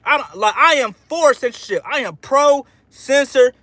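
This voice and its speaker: Brief: excitable male live-streamer, very high and bright voice, trash-talks and rambles, tacks "man" onto every line. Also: normal speed, no echo. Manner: fired-up, trash-talking, rambling; peppers speech with "man". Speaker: sports fan livestream host. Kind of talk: casual live-stream reaction while reading chat.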